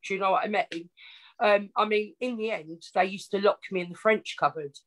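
The audio is poor, but this woman's mid-range Essex-accented voice comes through fairly quickly. She's a podcast guest recounting her life story, chatty, frank, and self-mocking, in a casual storytelling interview.

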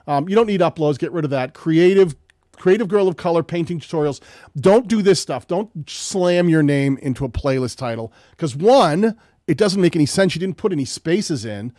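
Blunt, hoarse man hosting a live stream. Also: on the high side, darkish tone, dry recording, clean studio sound. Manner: direct, blunt coaching with many "um"s. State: losing his voice from illness. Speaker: live stream host reviewing viewers' channels. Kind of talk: casual live-stream advice. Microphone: streaming setup mic.

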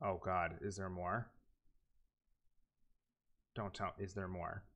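A man casually commenting while he streams a video game, excitable, swearing and talking to the game. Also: deep voice, slow, lo-fi sound. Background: loud game music.

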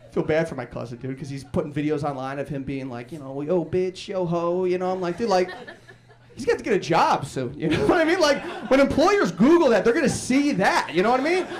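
A young man works a comedy club crowd into a stage mic, firing off brash punchlines. His voice sits high for a man and bounces around a lot. He teases the audience between jokes. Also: big pitch swings. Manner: brash, rapid-fire punchlines with crowd banter. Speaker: stand-up comedian. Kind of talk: stand-up comedy set.

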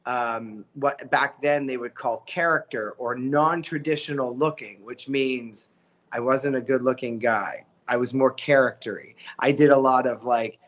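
A man, a voice actor telling stories as an interview guest, animated and slipping into character voices. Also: mid-range voice, a little slow, lo-fi sound. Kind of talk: casual storytelling interview.

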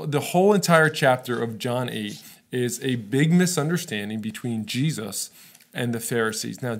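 A male pastor preaches in an easygoing, conversational way, speaking at a mid-range pitch. He keeps checking in with his listeners and stays relatable rather than lofty, like a friend talking through scripture. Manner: casual, relatable, often checks in with "right?". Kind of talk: conversational sermon.

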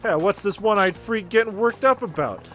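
A man's voice: high-pitched, moderate pace, a bit bright. A man playing a sneering sleazy street thug. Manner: sneering, crude and pushy. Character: sleazy, rude young male street thug.

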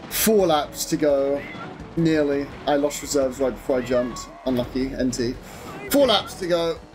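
A young man commentating his own live game stream, excitable, swearing and chatting to viewers over game music. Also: medium pitch, unhurried.

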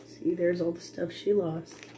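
A young woman reading a picture book aloud to children, slow and expressive, pausing to ask the listener questions. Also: on the low side, slight background noise.

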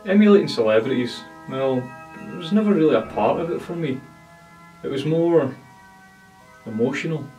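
A man's voice: mid-range voice, darkish tone, far from the mic, rough recording. Dreamy man set back from the mic. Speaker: bearded interviewee. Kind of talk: documentary interview.

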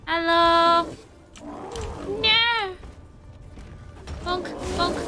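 A woman's voice: extremely high pitch, fairly even intonation, very slow, pauses often, pushed and bright, faint music behind. A British woman streaming a video game, chatting playfully with viewers and cheering herself on through fights. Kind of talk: casual gameplay commentary.

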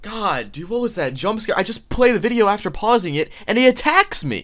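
A young man doing comedic reaction commentary, crude and loud, breaking into mock outrage and sudden yelps. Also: high-pitched, big pitch swings, fairly quick, hardly any pauses, dry recording, studio quality. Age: young adult. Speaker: YouTube commentator.

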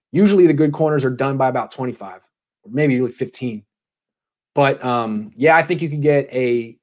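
A man hosting a casual sports talk show, giving blunt opinions with a mocking, joking edge. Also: mid-range voice. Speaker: sports commentator.

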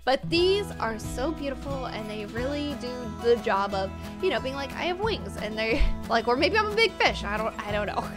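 With music in the background, a bubbly young woman gushes her way through casual gameplay commentary, sprinkling "like" everywhere. Her fairly high voice is very animated, moving at a moderate pace with few pauses.

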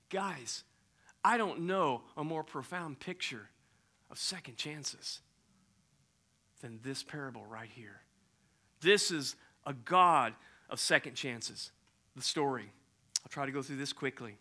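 A man's voice: medium pitch, expressive, takes it slowly, long pauses, sharp tone. A man preaching a sermon, telling stories in a casual, conversational way with slang. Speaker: pastor.

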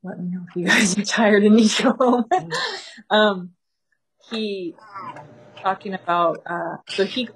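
A woman teaching a small group in a casual storytelling way, animated and laughing often as she talks. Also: medium pitch, a little slow, gravelly, pauses often, poor audio. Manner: animated, laughing often while telling stories.

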